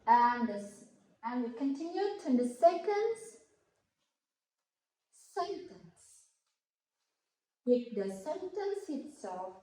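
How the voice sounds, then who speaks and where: Slow, halting woman in an echoey room. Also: high-pitched, warm tone. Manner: slow, halting, careful over each word. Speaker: student presenter. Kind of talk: classroom explanation.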